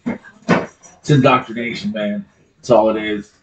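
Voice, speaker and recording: A man's voice: fairly low pitch, steady tone, measured pace, reverberant, lo-fi sound. A man co-hosting a podcast who talks bluntly, swears freely and drops quoted lines into casual banter. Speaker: podcast co-host.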